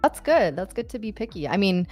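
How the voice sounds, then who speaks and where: A woman's voice: medium pitch, sing-song, brisk, darkish tone. A woman hosting a live-stream interview, asking upbeat, rambling questions full of fillers. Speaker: host.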